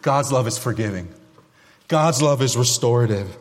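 Pastor, man, middle-aged, booming sermon delivery with wry asides; reverberant sanctuary. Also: animated, normal speed. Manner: loud, emphatic, self-deprecating humor.

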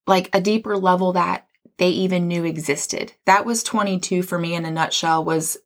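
A woman's voice: lowish voice, fairly even intonation, normal speed. A woman hosting a faith podcast, telling her own spiritual story in an earnest, rambling way with many restarts. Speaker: podcast host. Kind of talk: casual faith podcast testimony.

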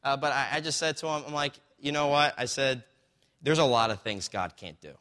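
Man, pastor, sermon, conversational storytelling, bright voice, long hall reverb. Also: medium pitch, fairly quick.

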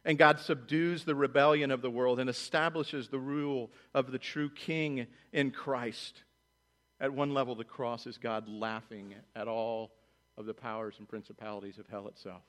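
A man preaching a sermon as pastor, animated, acting out quoted voices and dropping low and quiet for solemn lines. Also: moderate pace. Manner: animated, acts out voices of God and children in quotes.

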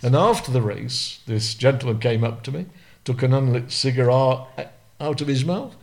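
An older man with a Lancashire accent spins racing anecdotes with a storyteller's relish, acting out the voices of the people he quotes. His voice sits at a middle pitch for a man. He speaks as a guest in an interview. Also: normal speed, creaky. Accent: Lancashire English. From Lancashire, England. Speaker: guest, retired racing driver.

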